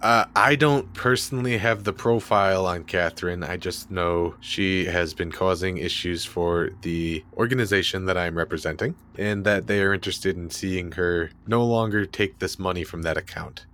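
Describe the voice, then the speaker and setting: A calm, businesslike corporate fixer, played by a man who dodges questions. His voice sits very low and deep, and he speaks in measured terms. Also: slight background noise. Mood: evasive. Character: guarded male corporate fixer hiring the team.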